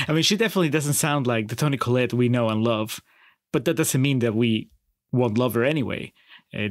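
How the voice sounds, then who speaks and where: Man, chatty podcast co-host, mid-pitched voice, dry close sound. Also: no room sound. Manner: chatty, enthusiastic, asks questions. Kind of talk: casual film discussion.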